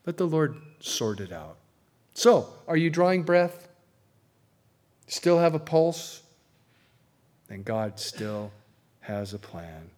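A man preaching a sermon to a congregation, swinging between loud emphasis and quiet asides. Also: medium pitch. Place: church before a congregation.

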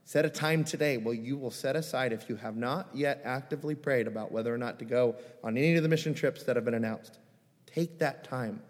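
A man's voice: mid-range voice, fairly quick. Earnest male pastor preaching in a reverberant hall. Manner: earnest, pleading, conversational with rhetorical questions. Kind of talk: sermon. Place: church sanctuary.

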